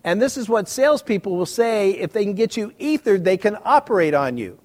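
A middle-aged man preaches with a notably high voice, reading scripture and turning to the congregation with joking, conversational asides. His voice rings out with a long hall reverb around it. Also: big pitch swings, fairly quick. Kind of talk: sermon with Bible reading.

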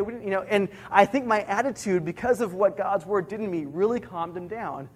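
A middle-aged man preaching a sermon, earnest, slowing down to repeat each key point for emphasis. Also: high-pitched. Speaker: pastor.

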